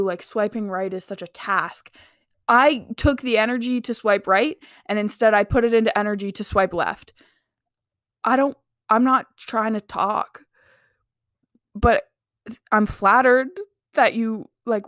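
A woman's voice: on the high side, no room sound, clean studio sound. A young woman hosting a podcast alone, chatting casually and sarcastically, with lots of "like" and giggles. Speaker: podcast host. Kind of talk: casual solo podcast chat.

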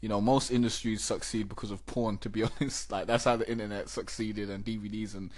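A man hosting a casual podcast, riffing out loud in a chatty, animated way. He laughs easily between his points. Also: fairly low pitch, fairly quick. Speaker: podcast host.

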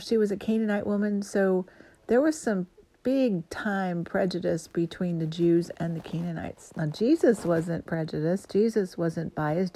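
Woman in ministry giving an earnest sermon; emphatic, deliberate stresses. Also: on the low side, warm tone, a little hiss or hum. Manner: earnest, emphatic preaching with slow stressed phrases.

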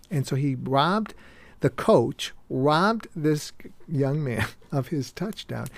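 An older man telling stories from his high school years, rambling and halting, with restarts and chuckles. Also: creaky, a little mellow, dry recording. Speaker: storyteller recalling his youth. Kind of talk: personal reminiscence.

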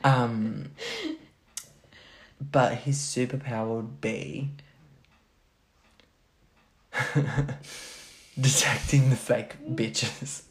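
A man's voice: medium pitch, steady tone, very slow, long pauses. A young man co-hosting a podcast in casual chat, joking and swearing freely. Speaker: podcast co-host. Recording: roomy echo.

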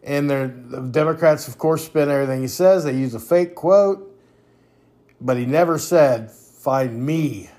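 A man's voice: fairly high pitch, darkish tone. Blunt, foul-mouthed man ranting. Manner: blunt, heavy swearing, repeats himself. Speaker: podcast host. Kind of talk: profane political rant.

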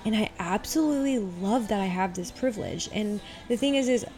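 A woman hosting a podcast in relaxed, rambling casual chat, a bit tired and high, full of fillers. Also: a little fast, faint music behind. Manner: laid-back, rambling, many fillers. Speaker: podcast host.

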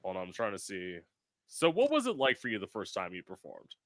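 A man hosting an interview, chatting quickly and casually, with some swearing. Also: lowish voice, wildly swooping pitch, a bit bright, no echo. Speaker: podcast host, drag performer. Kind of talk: casual chat.

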